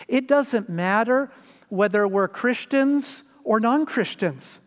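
A man preaching a sermon as pastor, slow and deliberate, with sudden rises for emphasis. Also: high voice, lively intonation, in a large hall.

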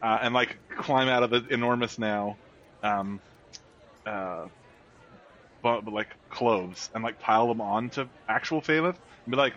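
A man of middle pitch talks through his character's moves in a tabletop game, halting and laughing between thoughts. The recording is dull and lo-fi. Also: fairly bright tone. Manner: laughing, halting, lots of fillers. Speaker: player. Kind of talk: tabletop role-play banter. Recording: dull lo-fi sound.

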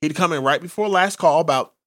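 A man's voice: a little high, a little fast, a bit bright. A man in casual crude chat, telling loose stories and acting out what people said. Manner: loose storytelling, acts out quotes. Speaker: podcast co-host.

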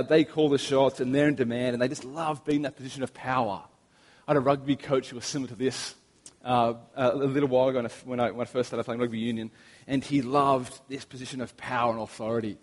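Australian man preaching in a reverberant hall. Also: medium pitch. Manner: relaxed, anecdotal storytelling with humor. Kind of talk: sermon. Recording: long reverb of a large hall.

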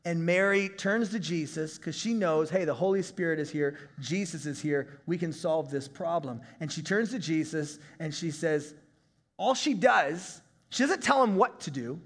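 A male pastor in his thirties preaching a conversational sermon, breaking into shouts now and then. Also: a little high, expressive, moderate pace, big-room sound.

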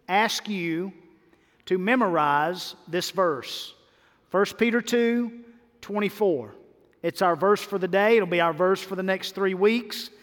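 Male pastor, slow emphatic sermon delivery, recorded in a large church sanctuary. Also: high-pitched, fairly bright tone, long reverb tail. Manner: emphatic, deliberate preaching with dramatic pauses.

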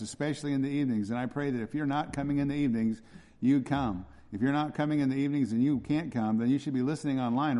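A man's voice: medium pitch, mellow. A man preaching an expository sermon as pastor, emphatic and repetitive, often checking with his listeners through rhetorical questions. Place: church hall. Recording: long hall reverb.

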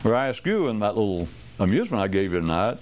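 A man's voice: on the low side, sing-song, fast, a little mellow. A man giving a rambling, wry talk to a small group, restarting sentences and acting out quoted voices.

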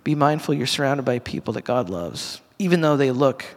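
The long reverb of a church hall surrounds this middle-aged pastor's brisk, animated, mid-range voice. Addressing his congregation in a casual, earnest sermon, he speaks conversationally and slips in restarts and asides.

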